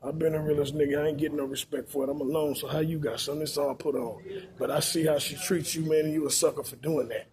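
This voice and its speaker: A man's voice: on the high side, fairly even intonation, fast talker, a little mellow. A man, delivering a rambling, profane, preachy monologue full of repetition.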